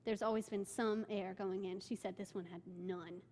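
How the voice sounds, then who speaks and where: A young woman in a church giving an excitable, informal report from a mission trip, filling her speech with "like". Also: mid-range voice, normal speed, a little hiss or hum. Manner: excitable storytelling, many "like" fillers. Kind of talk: informal talk with slides. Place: church sanctuary. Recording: long hall reverb.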